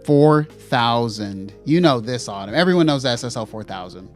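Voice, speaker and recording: A man's voice: mid-range voice, lively intonation, normal speed, soft background music. A man co-hosting a gear podcast livestream in a casual chat, rambling with lots of fillers and self-deprecating asides. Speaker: podcast co-host.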